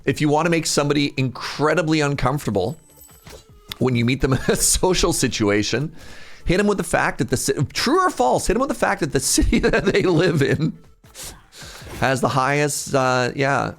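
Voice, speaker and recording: A man from Canada, streamer in casual live-stream chat, telling an animated story and laughing often. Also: a little high, normal speed, faint music behind.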